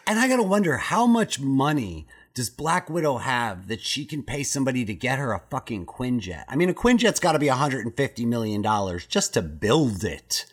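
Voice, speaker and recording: A man hosting a casual podcast chat, talking in an animated way, ranting and swearing freely. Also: mid-range voice, brisk, few pauses, husky. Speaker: podcast host.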